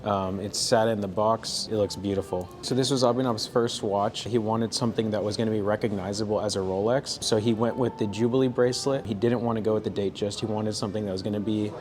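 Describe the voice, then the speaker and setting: A man, a watch salesman, casually talking about a customer's purchase in a relaxed way, with fillers. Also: on the low side, fast, few pauses, faint music behind.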